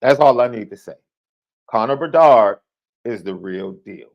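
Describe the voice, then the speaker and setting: A man hosting a live sports podcast, chatting casually and reading out viewer predictions with excited jumps in his voice. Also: a little slow, highs cut off. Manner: animated, excitable, jumps in pitch. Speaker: podcast host.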